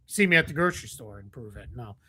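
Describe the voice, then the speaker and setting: A man's voice: mid-range voice, expressive, racing, sharp tone. A man co-hosting a casual basketball podcast, chatty and self-deprecating, laughing often. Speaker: co-host.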